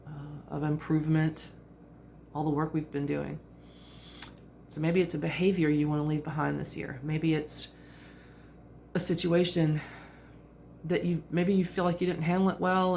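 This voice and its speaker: A woman's voice: deep voice, creaky, darkish tone, a little hiss or hum. A woman in her fifties giving a chatty, reflective vlog monologue, with fillers and small laughs. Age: 50s. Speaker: vlogger.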